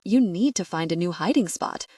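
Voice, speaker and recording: A woman's voice: lowish voice, expressive, normal speed, a little mellow, no echo, clean studio sound, distant mic. A woman voicing a playful, teasing young heroine in a romance audiobook. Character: playful young woman, party clown, warm-hearted.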